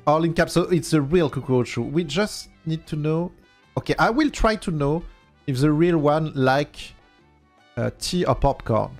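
A man with a French accent, chatting casually during a game in halting English and often repeating words. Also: on the high side, expressive, a little mellow, faint music behind. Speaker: game streamer. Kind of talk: casual gameplay chat.

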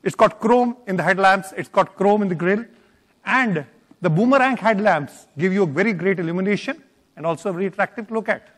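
Rapid high-voiced Indian executive. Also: male voice, a bit bright. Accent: Indian English. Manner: brisk, promotional, explains features. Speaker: car company executive. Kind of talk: product presentation at a launch. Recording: reverberant event hall.

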